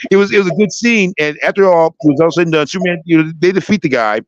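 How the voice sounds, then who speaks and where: In a fairly high-pitched voice, the host speaks fast and rambles enthusiastically in a casual chat about a TV show, frequently starting over. A slightly dull lo-fi mic captures him with no echo.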